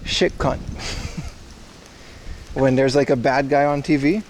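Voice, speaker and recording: A man's voice: medium pitch, flat delivery, extremely slow, a little mellow, a little hiss or hum. A man hosting a livestream outdoors, chatting loosely and joking back at his viewers as he walks. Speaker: livestream host. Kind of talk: rambling casual chat to viewers. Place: outdoors on city streets.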